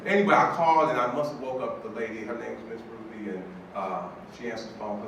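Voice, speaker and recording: A man in his fifties, a judge, tells a personal story to an audience with animated, emotional delivery and acted-out voices. His voice sits in a middle range and echoes heavily through a hall, picked up from afar with background noise. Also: medium pitch, fast, vocal fry, few pauses, recorded from a distance. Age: 50s.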